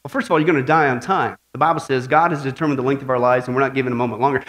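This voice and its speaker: A male pastor preaching a lively sermon, telling jokes and asking the congregation questions. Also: mid-range voice, rapid-fire, few pauses. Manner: animated, tells jokes, asks the congregation questions.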